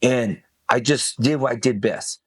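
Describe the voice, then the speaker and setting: A middle-aged man, a podcast guest, telling a personal story in casual talk, swearing freely and acting out what people said in a raised, animated voice. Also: medium pitch, a little slow, breathy edge, dry recording, clean studio sound. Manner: animated, swears, acts out quoted lines in a raised voice.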